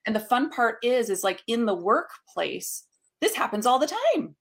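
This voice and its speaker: A woman's voice: on the high side, lively intonation, moderate pace. A woman coach being interviewed, speaking in an upbeat, emphatic way and explaining with examples. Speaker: guest, coach. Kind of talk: conversational interview.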